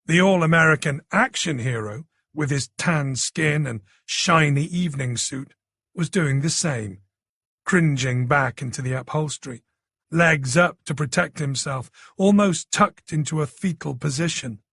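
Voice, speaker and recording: A man's voice: fairly high pitch, unhurried, vocal fry, a bit bright, slightly rough, no echo, studio quality. A man narrating a thriller audiobook in a dramatic, tense manner.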